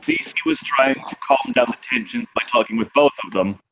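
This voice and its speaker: A man with a put-on German accent, playing his character in a tabletop game and speaking haltingly with many fillers. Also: mid-range voice, huge pitch swings, vocal fry, muffled recording, noisy background. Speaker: player. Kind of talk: in-character tabletop role-play.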